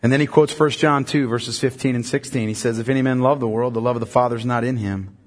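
A man preaching a sermon as pastor, emphatic and building to loud, pressing peaks. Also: medium pitch, fairly even intonation, quick pace, in a large hall.

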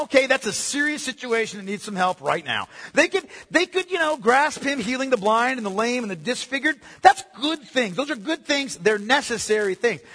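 A man preaching a sermon, animated, calling listeners "beloved" and sometimes dropping to a hush. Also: very high voice, husky. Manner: animated preaching, addresses listeners as beloved, drops to hushed tones. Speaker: pastor. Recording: long hall reverb.

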